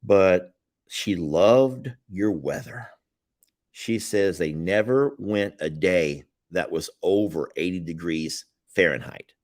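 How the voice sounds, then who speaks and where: Deep-voiced Southern American man chatting. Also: slow, dry recording, clean studio sound. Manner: rambling, folksy, chuckles often. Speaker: host of a live stream. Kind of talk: casual live-stream chat.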